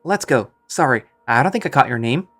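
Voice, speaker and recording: Man doing a cheerful young female stewardess, high chirpy voice, eager, faint music. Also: animated, a little fast, a bit bright.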